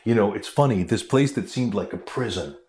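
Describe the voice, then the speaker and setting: A middle-aged American man with a somewhat low voice tells stories animatedly as an interview guest. He keeps restarting his sentences and dropping in fillers. The recording carries a roomy echo. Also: animated, brisk, a little mellow. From United States. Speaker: guest actor. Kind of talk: anecdotal storytelling interview.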